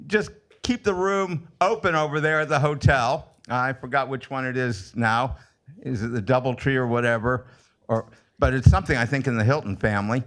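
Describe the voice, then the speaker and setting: A man's voice: medium pitch, a bit bright. A man giving a crude, mocking, sarcastic public comment at a city council meeting.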